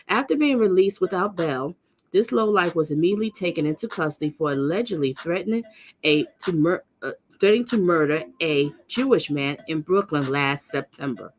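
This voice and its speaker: A woman's voice: expressive, a little fast, slight background noise. Blunt woman reading crime news aloud. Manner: reads aloud, stumbles and corrects herself, breaks off to comment; blunt and scornful, with sudden high outbursts. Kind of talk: casual reading of news with commentary.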